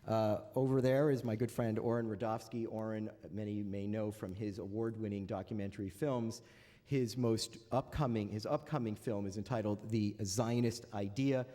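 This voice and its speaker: A mellow, fairly low male voice with fairly even intonation and a moderate pace opens a panel for an audience. He mixes dry, wry jokes with hesitant, filler-heavy lines and many "uh"s, and the reverberant large lecture hall echoes around him.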